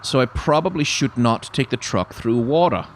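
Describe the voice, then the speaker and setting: A man with a mild Danish accent chats casually through a driving game. He thinks aloud in a rambling way and sometimes reads the on-screen instructions. His pitch sits in an ordinary middle range, with a faint hiss behind his voice. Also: lively intonation, moderate pace. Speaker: YouTuber playing a driving game. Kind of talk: casual gameplay commentary.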